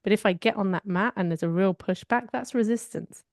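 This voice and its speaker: A woman's voice: mid-range voice, brisk, a little mellow, dry recording. Candid woman co-host, dry close sound. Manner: reflective, candid storytelling. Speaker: podcast co-host. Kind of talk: casual conversational chat.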